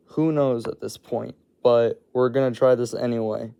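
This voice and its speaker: A man's voice: mid-range voice, fairly even intonation, moderate pace, vocal fry, dark tone, clean tone. A young man casually opening his video as host, rambling and tripping over his words.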